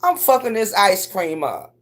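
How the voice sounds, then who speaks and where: A middle-aged woman telling stories on a casual livestream, cursing freely and leaping up in pitch when she acts out what people said. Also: measured pace. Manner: profane, animated storyteller who swoops up high for quoted voices. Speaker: live streamer.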